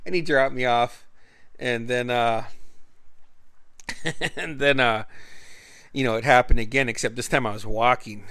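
A man's voice: medium pitch, steady tone, a little slow, long pauses, a bit bright, no room sound. A man telling a personal story in a casual, rambling way, laughing often and swearing freely.

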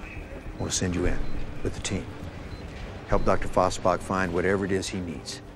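An actor playing a blunt, commanding military officer in a film clip. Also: male voice, steady tone, normal speed. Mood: persuading. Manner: blunt, commanding, matter-of-fact. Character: stern male military commander, middle-aged. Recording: film clip with loud background rumble.

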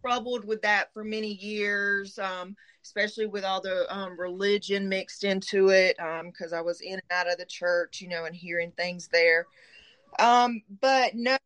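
A woman's voice: medium pitch, steady tone, a little slow, fairly bright tone, low-quality recording. Southern georgia woman guest, forties, hesitant, lots of ums, candid interview. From Middle Georgia, US. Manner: hesitant, many ums, laughs easily.

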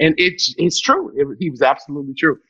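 A woman comedian telling animated, profane stories as a podcast guest, breaking into loud laughter. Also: low voice, fairly quick, husky, no room sound, muffled recording. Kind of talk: storytelling in a podcast interview.

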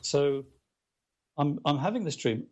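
A middle-aged guest author with a slightly high voice takes his time as he spins a story. The conversation is casual, and he rambles animatedly, often restarting and leaning on fillers.

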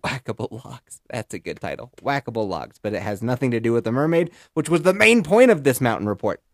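A young man in casual podcast storytelling, rambling and jokey with lively bursts. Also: mid-range voice, fast, no echo, studio quality. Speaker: podcast host.

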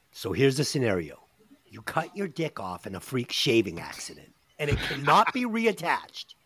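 A man hosting a casual podcast, animated and profane, laughing often as he banters. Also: mid-range voice, measured pace, slight background noise. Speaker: podcast host.

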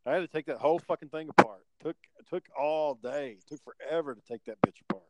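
With a fairly high pitch and fast delivery, this young adult co-host rambles through profane, animated stories in laid-back conversation. The lo-fi recording is very noisy.

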